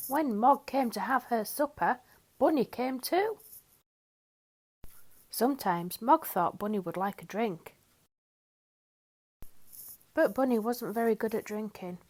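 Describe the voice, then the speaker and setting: Woman storyteller, picture-book read-aloud, slow, lively sing-song. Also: fairly high pitch.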